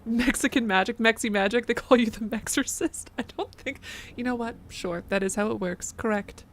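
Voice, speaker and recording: A young woman streams a game in a slightly high voice. She chats loosely into a desk microphone, giggling and yelping at sudden scares, then settles back into friendly rambling as she thanks viewers. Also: normal speed. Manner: chatty, giggly, easily startled, reads donations aloud. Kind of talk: casual live gameplay commentary.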